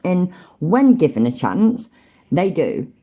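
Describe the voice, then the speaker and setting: A woman's voice: on the low side, big pitch swings, takes it slowly, mellow, breathy edge. A British woman hosting a reaction video, commenting casually in a sweary, sarcastic way and laughing often.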